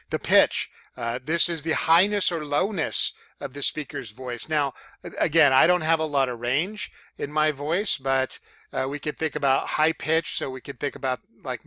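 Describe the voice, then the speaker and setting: A man teaching public speaking in a casual lecture, with fillers and self-corrections, demonstrating loud, soft, high and low voices as he explains. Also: dry recording. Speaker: college speech instructor. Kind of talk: recorded lecture.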